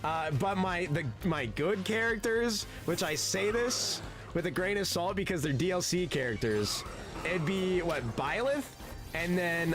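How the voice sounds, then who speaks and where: A man streaming a game and chatting casually, rambling and laid-back, often saying "dude" and swearing. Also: a little high. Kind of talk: casual gaming stream chat.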